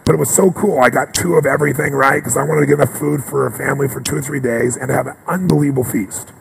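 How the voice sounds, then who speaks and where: A man, a motivational speaker, telling a personal story in an emphatic, animated way and often checking in with his listeners. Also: medium pitch, gravelly, a little hiss or hum, low-quality recording.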